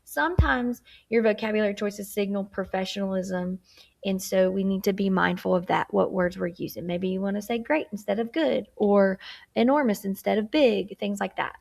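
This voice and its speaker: Woman instructor with a gravelly edge, chatty, keeps asking "okay?" while she teaches a lesson. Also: medium pitch, normal speed, a little mellow. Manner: acts out tone examples. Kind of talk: recorded workplace skills lesson.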